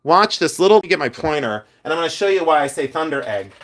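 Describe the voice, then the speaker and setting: A middle-aged man hosting a live stream, chatting to viewers and showing off jewelry in an animated, rambling way with many asides. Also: fairly high pitch, fast.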